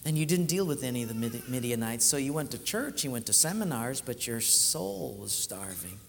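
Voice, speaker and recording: A man's voice: mid-range voice, brisk, vocal fry, slight background noise. A man preaching a sermon, telling stories and acting out the voices of the people in them. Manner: animated storytelling, acts out quoted voices. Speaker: pastor. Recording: live hall reverb.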